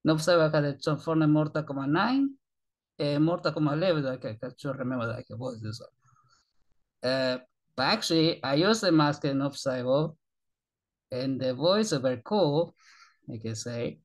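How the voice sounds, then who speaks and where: Fired up and cursing frequently, an Argentine YouTube reaction host rambles through casual commentary in broken English, Spanish being his native tongue. His voice sits on the high side at a moderate pace.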